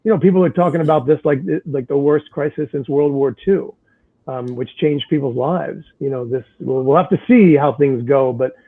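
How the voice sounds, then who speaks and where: A man's voice: mid-range voice, moderate pace. A man moderating a casual panel over a video call, chatty, often trailing off and restarting. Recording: tinny phone-like line.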